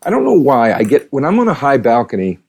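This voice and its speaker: A man hosting a podcast, rambling through a comedic monologue with profane, animated rants that keep second-guessing themselves. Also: medium pitch, fast, husky.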